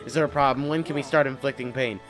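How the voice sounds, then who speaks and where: A man voicing a sly, creepy male retainer with a low, menacing drawl. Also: steady tone, quick pace, a bit bright, faint music behind, lightly acted. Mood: sinister.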